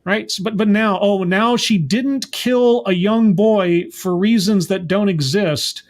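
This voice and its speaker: A man's voice: high-pitched, a little slow. A man giving a sarcastic, exasperated episode recap as a show reviewer, rambling and mocking.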